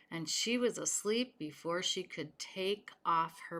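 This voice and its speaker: Lady reading a kids picture book out loud, bright clear voice, gentle and expressive. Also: mid-range voice, measured pace, few pauses. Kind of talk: read-aloud storytelling.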